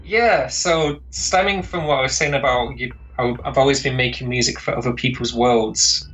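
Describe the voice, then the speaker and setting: A composer from northern England chats in a casual interview, rambling and searching for words. His voice is medium-pitched and fairly bright at a normal speed, on a low-quality recording.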